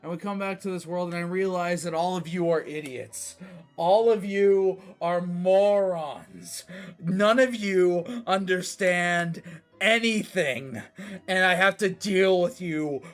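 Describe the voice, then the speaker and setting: A streamer putting on an arrogant wrestling heel who sneers at the audience in a slow, drawn-out way. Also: mid-range voice, faint music behind, pitched above the performer's own voice, close to an everyday voice. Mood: sneering.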